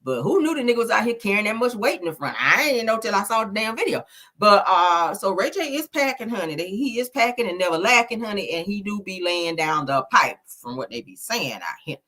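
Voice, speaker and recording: A woman's voice: mid-range voice, very animated, fairly quick, bright, forceful tone. A woman giving casual, blunt celebrity gossip commentary, sassy and profane, laughing often.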